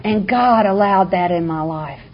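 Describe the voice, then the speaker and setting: Before a live audience at a recovery meeting, a woman tells her own story in a husky, mid-pitched voice, speaking a little slowly. She is open and sincere, slipping in bits of dry humor. The audio sounds muffled and low-fidelity, with light hiss underneath.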